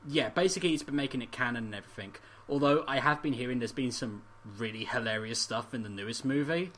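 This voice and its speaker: A man's voice: mid-range voice, quick pace, a bit bright. A man co-hosting a casual podcast chat, laughing often, swearing and rambling off on tangents. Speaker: podcast co-host.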